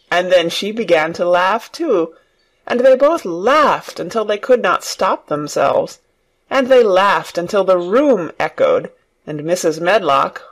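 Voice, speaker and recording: Audiobook narrator for learners, clear, lots of ups and downs in the voice. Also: medium pitch.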